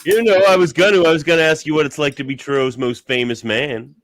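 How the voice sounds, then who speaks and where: A man's voice: fairly high pitch, steady tone, fast talker, dry recording. A man co-hosting a podcast, chatting casually with a dry, teasing humor. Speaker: podcast co-host.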